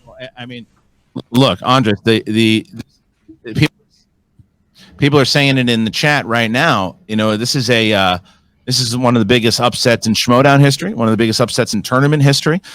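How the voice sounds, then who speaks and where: A man hosting a post-match show, who announces results and asks questions in an excitable, hyped-up way. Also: mid-range voice, a little fast, no echo. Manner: excitable, hype commentary. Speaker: show host.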